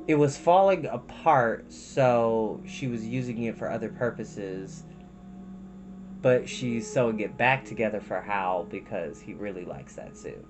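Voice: medium pitch, measured pace, faint music behind, poor audio. A storyteller reading a chapter book aloud, breaking off for chatty, folksy asides to listeners.

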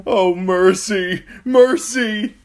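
A man's voice: fairly low pitch, expressive, takes it slowly, a bit bright, husky, exaggerated voice. A man voicing a haunted, guilt-ridden young prince who cries out in panicked sobs. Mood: terrified.

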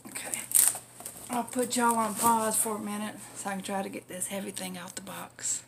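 A woman's voice: mid-range voice, steady tone, normal speed, vocal fry, background noise. A woman vlogger chatting casually through an unboxing, laughing often, using salty language and getting emotional while thanking friends. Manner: emotional, near tears when thanking.

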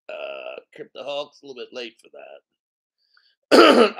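A man hosting a casual crypto livestream, a little out of breath, talking loudly and profanely and swinging between mumbled asides and shouting. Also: medium pitch, huge pitch swings, a little slow, vocal fry, long pauses. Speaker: crypto show host.

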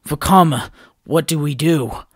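A man's voice: mid-range voice, moderate pace, no room sound, lightly acted. A level-headed female water hero who speaks measuredly and reasonably, as a male narrator reads her. Dry, close storybook recording. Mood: calm, anxious.

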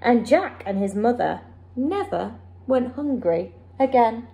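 A woman teacher with an English accent, reading a children's storybook aloud in an expressive, animated way. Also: fairly high pitch, takes it slowly, gravelly, highs cut off.

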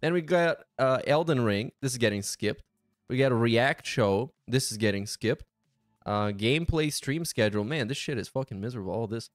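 A man's voice: mid-range voice, expressive, normal speed, dry recording, studio quality, faint music behind. Sarcastic, profane guy commentator. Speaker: commentary channel host. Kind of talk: casual reaction commentary.

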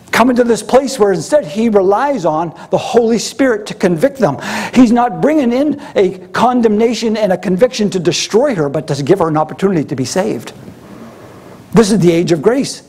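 A man's voice: high voice, a little mellow, husky. A man preaching a sermon, asking his listeners rhetorical questions and repeating key phrases for emphasis. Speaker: pastor.

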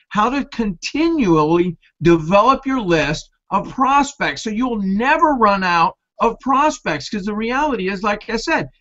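A man's voice: high voice, fairly bright tone. A man hosting an online business training, coaching in a motivational webinar style and firing off rhetorical questions. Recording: muffled lo-fi video call audio.

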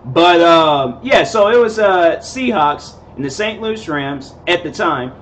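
A man's voice: on the high side, expressive, slow pace, a bit bright, a little hiss or hum. Laid-back rambling young man. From Seattle area, USA. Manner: rambling, filler-heavy, laid-back slang. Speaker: vlogger host. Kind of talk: casual storytelling.

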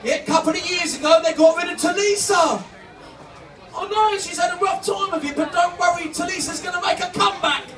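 A man doing live stand-up comedy, loud and punchy, shouting to reach the crowd. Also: extremely high pitch, a little fast. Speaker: comedian and impressionist. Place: holiday park entertainment stage. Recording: echoey room, from far off, music and crowd.

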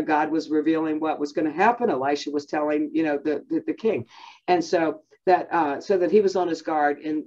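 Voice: mid-range voice, a little mellow, dull audio. A Bible teacher giving a conversational lesson, talking in a chatty way with many fillers and self-restarts.

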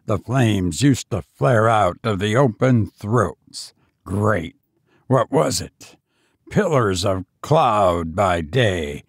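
A man putting on a grim ironworks master with a dark, lowered voice and a gravelly edge, pressing every word with forceful showmanship. His delivery is slow and weighty, rising and falling with broad swings. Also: no room sound, studio quality, heavily acted. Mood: brooding.

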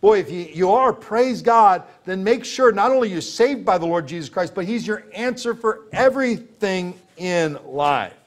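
A man's voice: high-pitched, lively intonation, normal speed, few pauses. A man preaching a sermon as pastor, emphatic and full of rhetorical questions, laughing as he tells stories.

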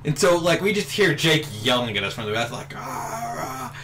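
A man's voice: on the high side, big pitch swings, fast talker, sharp tone, a little hiss or hum. A man telling a funny story in a casual chat over gameplay, often laughing as he talks. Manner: laughs through his own story. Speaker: gaming channel host.

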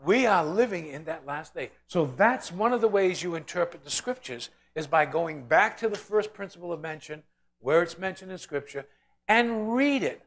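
A man leads a Bible study in a loose, conversational sermon. His voice sits a little high for a man. He tells the story with energy and slips into the voices of the characters as he goes. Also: normal speed. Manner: animated storytelling, acting out quoted voices. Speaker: pastor teaching Bible study. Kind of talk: informal sermon.

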